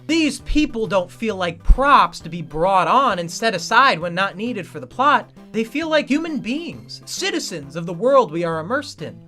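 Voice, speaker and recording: A man's voice: sits high, pushed and bright. A man giving scripted video-essay narration about cartoon writing, analytical and emphatic.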